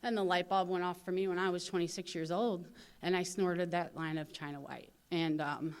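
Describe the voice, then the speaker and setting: A woman in her thirties with a St. gives a personal recovery testimony at a convention. She talks candidly in a slightly low voice and tells her story in an animated way, leaning on "you know" as she goes. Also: moderate pace, clean tone. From St. Louis, USA.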